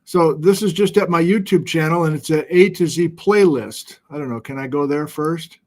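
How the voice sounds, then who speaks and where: A middle-aged man with a slightly high voice hosts a casual livestream from a home studio. He chats loosely and pokes fun at himself while reading out viewer locations. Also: moderate pace, darkish tone. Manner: chatty, self-deprecating, reads viewer locations aloud. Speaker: livestream host. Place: home studio with document camera.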